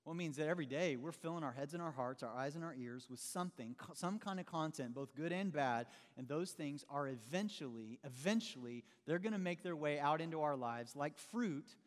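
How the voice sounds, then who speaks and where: A man's voice: on the high side, animated, fairly quick, hardly any pauses. A middle-aged man preaching a sermon in a loose, conversational way, often addressing listeners as "man" and acting out everyday excuses. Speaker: pastor. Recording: long hall reverb.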